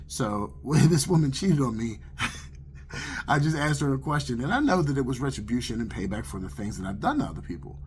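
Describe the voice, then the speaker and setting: A man tells his personal faith testimony in an earnest, conversational way. His voice is husky, with a slightly rough grain, and it sits at an ordinary male pitch. He talks plainly, like he is telling a story to friends. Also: very animated, fast talker, few pauses. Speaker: testimony speaker.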